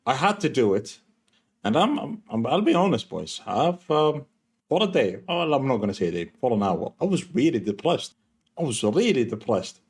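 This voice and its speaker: A man chatting casually as a podcast co-host, hesitant and expressive. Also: medium pitch, moderate pace, breathy edge. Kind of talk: casual chat.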